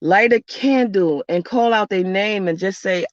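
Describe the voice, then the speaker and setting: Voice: mid-range voice, a little slow, hardly any pauses, no echo. Rambly cussing spiritual vlogger, dry muffled lo-fi sound. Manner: blunt, profane, rambling storyteller. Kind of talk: casual spiritual monologue. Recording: dull lo-fi dry recording.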